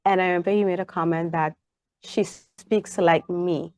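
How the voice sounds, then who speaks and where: A young woman with a Caribbean English accent, chatting as an interview guest and acting out lively stories about her daughter. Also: lowish voice, normal speed, dry recording. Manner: animated storyteller, acts out her child's voice. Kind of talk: casual interview chat.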